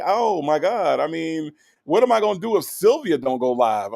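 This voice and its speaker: A male livestream host with a gravelly, creaky voice that swings widely in pitch. He talks casually and teases viewers as he greets them one after another. His delivery is lively and chatty. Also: a little slow. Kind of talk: casual livestream chat reading viewer comments.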